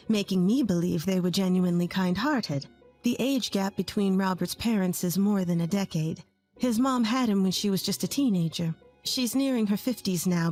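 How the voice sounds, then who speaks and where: A woman's voice: medium pitch, darkish tone. Twenties woman telling her own story, earnest and confiding, mid voice, faint music behind. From rural Texas, USA. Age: 20s. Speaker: narrator. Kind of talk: first-person story narration.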